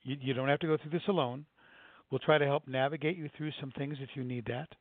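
A man's voice: a little high, steady tone, fast talker, dry recording. An older man, a nonprofit director, earnestly telling a story in an interview with frequent restarts. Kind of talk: conversational interview answers. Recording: dry, tinny phone-like sound.

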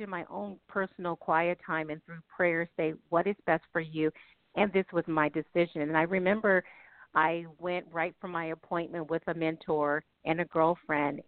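A woman's voice: sits low, no room sound. A woman giving heartfelt, candid personal testimony as an interview guest. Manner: candid, heartfelt, speaks directly to listeners. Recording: dry, tinny phone-like sound.

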